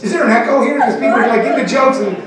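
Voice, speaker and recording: A man's voice: very high voice, rapid-fire, a crowd in the background. A middle-aged man performing a rambling, self-deprecating stand-up comedy set, full of fillers, on a club stage. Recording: very echoey room, distant from the mic.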